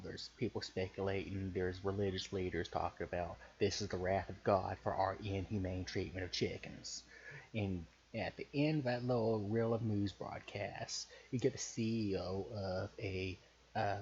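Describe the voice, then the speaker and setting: A man with a Southern US accent tells a story in a low voice, loose and profane and full of hesitations. The recording sounds a bit muffled, with a faint hiss underneath. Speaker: podcaster pitching a story idea. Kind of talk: casual rambling storytelling.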